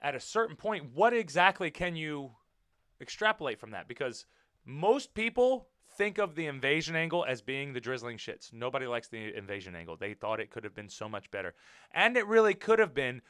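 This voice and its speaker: Animated, forceful man with a smooth voice. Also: medium pitch, a little fast, no room sound, clean studio sound. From United States. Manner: animated and blunt, swears, repeats himself for emphasis. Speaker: podcast host and professional wrestler. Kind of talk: casual wrestling commentary podcast.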